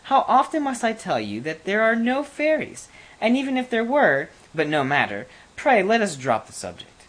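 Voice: mid-range voice, huge pitch swings, normal speed, pitched above the performer's own voice. A storyteller voicing a haughty fairy-tale queen who dismisses everything with scorn. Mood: scornful. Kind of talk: storybook reading.

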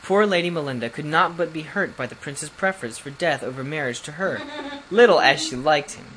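A man narrating a fairy tale as an audiobook reader, steady and even, with occasional slips and restarts. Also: a little high, brisk, a little hiss or hum, low-quality recording. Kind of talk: storybook narration.

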